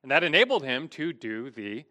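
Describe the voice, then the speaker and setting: A man's voice: mid-range voice, very animated, normal speed, bright, forceful tone. A middle-aged man preaching an expository sermon, earnest and emphatic, often restarting his phrases.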